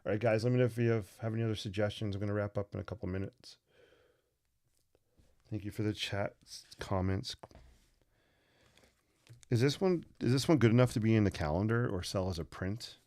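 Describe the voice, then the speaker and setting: A man's voice: on the low side, normal speed, pauses often, darkish tone, no echo, studio quality. A man hosting a live sketching stream, chatting casually and rambling with joking asides as he draws. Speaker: livestream host teaching sketching. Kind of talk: casual live-stream chat while drawing.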